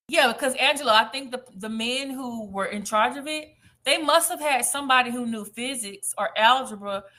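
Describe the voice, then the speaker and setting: A woman's voice: on the high side, pushed and bright. A woman giving a casual, chatty commentary monologue, telling a story animatedly and acting out quotes.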